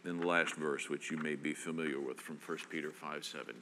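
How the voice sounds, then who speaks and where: A man's voice: very deep voice, steady tone, sharp tone, a little hiss or hum. A man preaching a sermon as pastor, reading scripture aloud with rising emphasis. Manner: reads scripture with rising emphasis, slow and deliberate.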